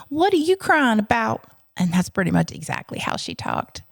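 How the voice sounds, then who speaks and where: A woman's voice: medium pitch, vocal fry, no room sound, studio quality. A woman hosting an education podcast, telling a personal story in a chatty, earnest way with asides to her listeners.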